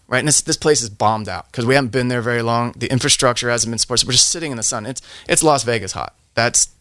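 A man's voice: mid-range voice, a bit bright, dry recording, clean studio sound. A middle-aged man, a veteran guest on a podcast, telling a long story in a rambling way, often restarting his sentences and laughing. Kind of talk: casual storytelling.

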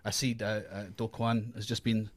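A man's voice: lowish voice, completely flat delivery, normal speed, no room sound. A Scottish man co-hosting a casual podcast chat. He rambles, restarts sentences and fills gaps with ums. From Scotland. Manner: rambling, many restarts and fillers, laughs often. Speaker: podcast co-host.

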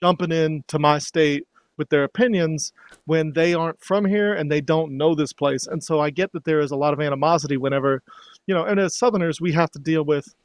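A man's voice: on the high side, brisk, no echo. A middle-aged man from Georgia in casual conversation as a guest, rambling with many restarts and fillers, wry. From Georgia, USA.

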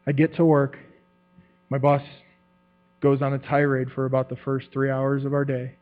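A man's voice: medium pitch, monotone, moderate pace, long pauses. A man giving a testimony to a church group, telling his story with animation, acting out quotes and laughing often. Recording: tinny phone-like sound with mains hum.

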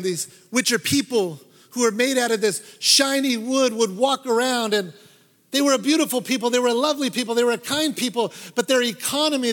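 A man telling a story as part of a sermon, animated, swinging from loud to hushed, heard in a large hall. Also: very high-pitched. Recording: long hall reverb.

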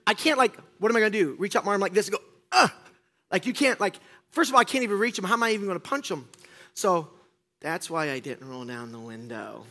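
A middle-aged man preaching to a church congregation. He tells a story in an animated, self-mocking way, acts out what others said, and slips in deadpan jokes. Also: high voice, fast talker. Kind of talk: storytelling sermon. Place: church stage before a congregation.

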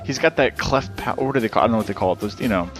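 A man's voice: lowish voice, very fast, music in the background. A man hosting a podcast in casual chat, rambling and swearing freely. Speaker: podcast host.

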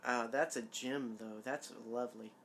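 A man's voice: medium pitch, fairly even intonation, normal speed, fairly bright tone, a little hiss or hum. A man chatting casually while watching a film, tossing out trivia, jokes and exclamations. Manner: joking, exclamatory, trivia-sharing. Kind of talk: casual watch-along commentary.

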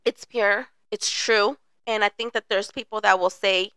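Gravelly, bright-voiced earnest woman. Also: medium pitch, fairly even intonation, normal speed, no room sound. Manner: earnest, reflective, acts out apologies. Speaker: podcast co-host. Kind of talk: casual chat.

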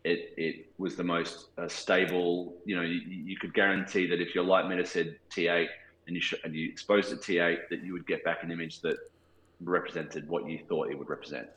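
Australian man, forties, low voice, hesitant interview talk, roomy echo. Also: flat delivery, brisk, a bit bright, slight background noise. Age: 40s. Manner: thoughtful, hesitant, many restarts and fillers. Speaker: cinematographer guest.

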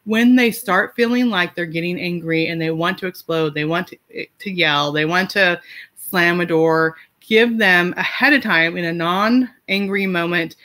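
A woman's voice: fairly low pitch, a little slow, fairly bright tone. Chatty mother with light laughs. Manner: chatty, lots of fillers and restarts; laughs lightly mid-sentence. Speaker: parent sharing advice. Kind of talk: casual conversational advice.

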